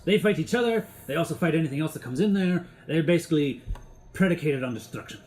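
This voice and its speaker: A man narrating a tabletop game as game master in a relaxed, improvised way. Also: on the high side, fast talker.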